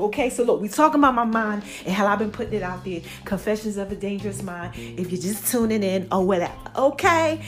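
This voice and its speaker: A chatty, animated woman vlogging straight to her viewers, out of breath as she talks. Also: mid-range voice, fast, hardly any pauses, soft background music. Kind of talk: casual talk to camera.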